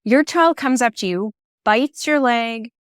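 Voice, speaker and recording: Woman in her 40s telling a story on a podcast, expressive and candid, dry close sound. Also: fairly high pitch, a little slow, smooth, no echo. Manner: candid and reflective. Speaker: podcast guest. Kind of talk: personal storytelling in conversation.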